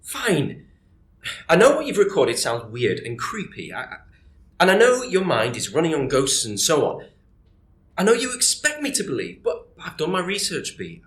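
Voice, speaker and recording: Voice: medium pitch, wildly swooping pitch, moderate pace. A performer playing a skeptical, dismissive library colleague. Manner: skeptical, reasoning, stammering. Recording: echoey room.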